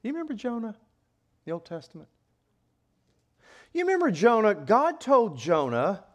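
A man preaching a sermon in an animated way, acting out voices with sudden loud outbursts. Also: high-pitched, moderate pace, pauses often.

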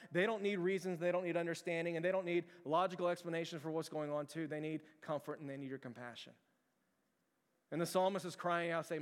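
A man's voice: high voice, clear, resonant tone. A man preaching a sermon as pastor, earnest and repetitive, often restarting his phrases. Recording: long hall reverb.

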